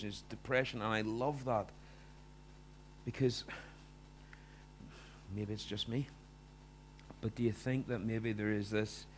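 Guy preaching, chatty, does little voices, slight hum behind. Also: fairly low pitch. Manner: conversational, acts out quoted voices with big swings. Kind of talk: sermon.

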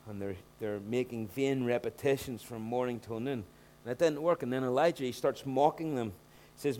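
Animated male preacher with loud bursts. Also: medium pitch, moderate pace, hardly any pauses. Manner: animated, rising to loud emphatic bursts when acting out scenes. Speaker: pastor. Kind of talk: sermon.

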